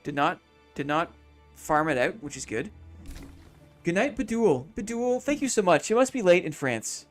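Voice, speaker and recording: A slightly higher-voiced man talks through his live stream of a city-building game in a casual, easygoing way. He muses out loud, echoing his own phrases as he plans each move, and turns to greet his viewers now and then. Soft game music plays quietly behind him. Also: big pitch swings, moderate pace. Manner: thinks aloud, repeats his own phrases; chats with viewers between moves.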